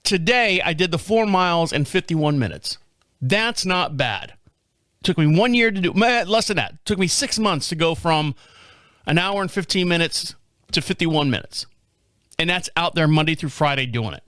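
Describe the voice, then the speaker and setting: A man's voice: a little high, animated, moderate pace, a bit bright, dry recording, clean studio sound. A man in his fifties with an American accent, hosting a casual solo chat show, rambling with restarts and swearing. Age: 50s. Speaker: podcast host.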